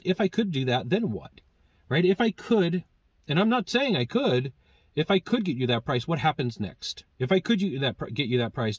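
A man teaching sales negotiation in a lively, conversational way, acting out bits of dialogue with customers. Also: mid-range voice, husky, dry recording. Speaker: sales trainer. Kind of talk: direct-to-camera sales coaching.

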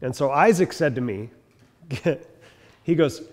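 A man's voice: mid-range voice, lively intonation, slow pace. Man lecturing in an echoey hall. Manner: storytelling, mimics people in quotes. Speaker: teacher. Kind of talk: animated classroom lecture with acted anecdotes. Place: classroom. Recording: long hall reverb.

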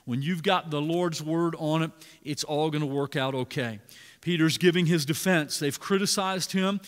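High-pitched male pastor preaching, big hall reverb, gets loud then drops real quiet. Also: normal speed. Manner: animated preaching, swinging from loud to hushed. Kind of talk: sermon. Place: church sanctuary. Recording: long reverb in a large hall.

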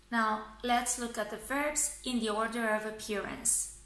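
A woman's voice: on the high side, fairly even intonation, measured pace, fairly bright tone. A woman teaching pronunciation, saying each word twice and checking in with "yeah?". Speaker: English teacher. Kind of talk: slow, careful pronunciation lesson. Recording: echoey room.

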